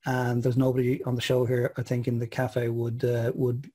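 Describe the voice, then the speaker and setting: An Irish man hosts an online interview in a husky, mid-pitched voice. He muses on his guest's story with halting pauses and fillers. His tone is conversational and considered. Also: completely flat delivery, dark tone. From Ireland. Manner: reflective, halting, many fillers. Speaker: host.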